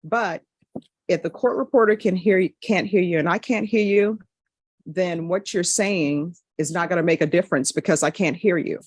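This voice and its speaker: A woman's voice: fairly low pitch, moderate pace, husky, no echo. A woman judge running a courtroom hearing in a businesslike, procedural way.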